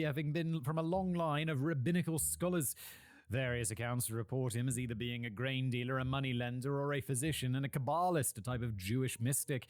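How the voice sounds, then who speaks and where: A man's voice: medium pitch, quick pace, no echo, clean studio sound. A British man hosting a casual history talk, rambling into playful, jokey asides. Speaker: host.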